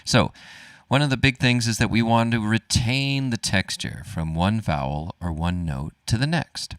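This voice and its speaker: A man teaching a live-streamed vocal warm-up, encouraging and relaxed, demonstrating sung vowels between explanations. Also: on the low side, unhurried, clear, resonant tone, no room sound. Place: home studio, dogs nearby.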